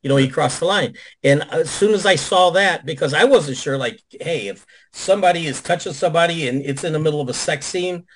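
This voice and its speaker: Male guest on a video call, pitched a bit high, an animated and salty storyteller. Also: fairly quick, few pauses, rough recording. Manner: animated, profane, acts out quotes.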